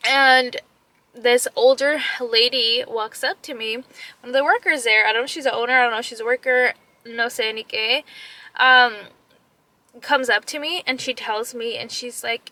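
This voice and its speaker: A young woman and mother retelling an upsetting story in a casual vlog, animated, full of "like" fillers and slipping into Spanish phrases. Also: fairly high pitch, normal speed, no room sound. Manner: upset and emotional. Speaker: vlogger.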